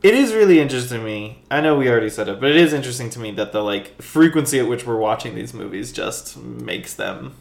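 A man's voice: mid-range voice, expressive, fast, gravelly, few pauses, roomy sound. A man co-hosting a podcast, teasing his friend with sarcastic jokes in casual movie chat. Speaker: podcast co-host.

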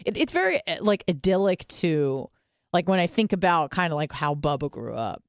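A young woman from the States chats candidly on a podcast, dropping swear words and fillers as she goes. Her voice is smooth and clear, recorded close with no room sound. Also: on the low side, very animated, moderate pace, no echo. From United States. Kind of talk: casual podcast chat.

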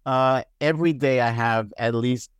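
A man talking as a guest on a podcast, telling stories in an animated way and laughing often. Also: medium pitch, normal speed, clean tone, no echo, clean studio sound. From United States. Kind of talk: casual chat.

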